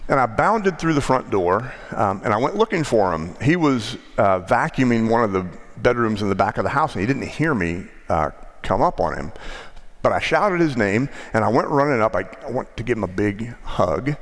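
A man's voice: medium pitch, very animated, moderate pace. A middle-aged man with a Texan accent, preaching a sermon as pastor and telling stories in a conversational way. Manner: conversational storytelling preacher, occasional restarts. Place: large church sanctuary. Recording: long church reverb.

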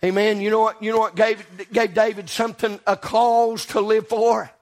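A man delivers a sermon fervently, his volume swinging from low murmurs up to shouted peaks as he repeats phrases and drops in an occasional amen. His pitch moves only a little, and his pace is moderate.

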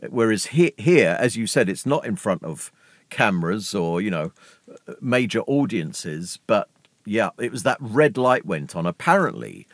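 A man's voice: fairly low pitch, big pitch swings, measured pace, no room sound. A man co-hosting a podcast, talking casually and keenly about music history, often checking in with "right?". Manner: enthusiastic, conversational, tags points with "right?". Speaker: podcast co-host.

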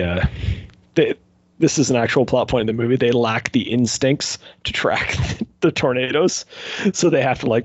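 A man's voice: fairly low pitch, husky, no echo, highs cut off. A man chatting casually on a podcast, rambling with lots of fillers and laughing as he goes. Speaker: podcast co-host. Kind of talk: casual chat.

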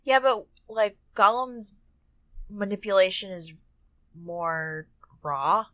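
A woman's voice: medium pitch, animated, slow, bright, forceful tone, no room sound. A woman co-hosting a podcast, joking and giggling in casual chat. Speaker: podcast co-host.

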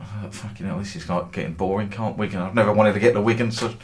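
A middle-aged man with a lowish voice rambles through a story, chatty and wry. He hosts a football trading group and drops in casual swearing and dry jokes as he talks to his members. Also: fairly even intonation, fast, hardly any pauses.

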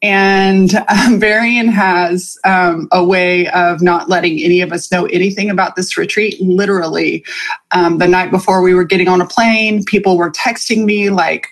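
Husky-voiced woman hosting a chatty podcast. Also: fairly low pitch, fairly even intonation, normal speed. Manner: chatty, with frequent ums and laughs. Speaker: podcast host and coach. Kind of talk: casual live podcast monologue.

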